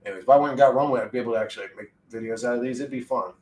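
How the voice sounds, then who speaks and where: A young man streaming live, rambling through loose, profane chatter in a laid-back way. His voice sits at an ordinary middle pitch, heard in an echoey room from a mic set back from him. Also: racing, darkish tone, recorded from a distance. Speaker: livestreamer. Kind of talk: casual stream chat.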